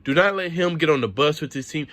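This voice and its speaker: A man's voice: on the high side, fast, a bit bright. A man giving a frustrated, profane sports rant to camera in a vlog, repeating himself as he vents. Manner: frustrated, profane, repetitive ranting. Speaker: sports vlogger. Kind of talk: ranting sports commentary.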